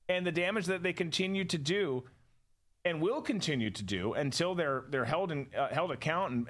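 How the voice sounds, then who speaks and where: A man's voice: a little high, fairly bright tone. A man hosting a political talk show, scornful and rambling, with many restarts. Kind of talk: opinionated political commentary.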